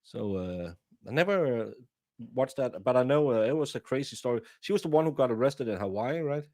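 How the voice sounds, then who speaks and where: A man's voice: medium pitch, expressive, mellow, no echo. Southern guy cohosting a podcast, jokey, lots of uhs, dry mic. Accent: Southern American. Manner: joking, halting with fillers. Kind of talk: casual chat.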